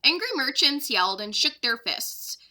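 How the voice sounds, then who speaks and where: Bright, expressive teacher reading aloud. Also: female voice, high voice, normal speed. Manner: expressive storyteller. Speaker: third-grade teacher. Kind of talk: reading a children's chapter book aloud.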